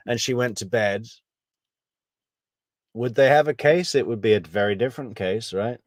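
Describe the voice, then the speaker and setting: A man giving casual, analytical true crime commentary, measured and thinking aloud, with wry asides. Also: medium pitch, darkish tone, no room sound.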